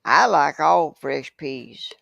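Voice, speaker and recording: A woman's voice: deep voice, animated, slow pace, vocal fry, fairly bright tone, no room sound. An older grandmother, chatting casually and rambling folksy stories about food. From Georgia. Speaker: grandmother guest. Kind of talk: casual chat. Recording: dull lo-fi sound.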